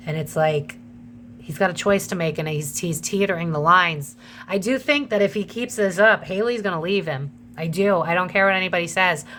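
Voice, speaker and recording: A woman's voice: fairly low pitch, a bit bright, a little hiss or hum. A woman doing a casual psychic tarot reading to her viewers, chatty and emotional, swearing freely.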